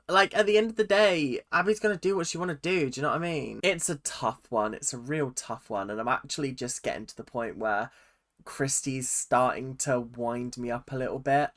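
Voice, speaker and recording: A woman hosting a reaction video, ranting with animated exasperation and talking back at the screen. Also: extremely low pitch.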